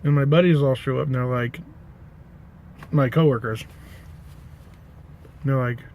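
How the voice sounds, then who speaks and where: A man's voice: mid-range voice, steady tone, unhurried, long pauses, darkish tone, a little hiss or hum. A man casually telling an anecdote to the camera, rambling, correcting himself and adding dry asides. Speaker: pipe-smoking vlogger.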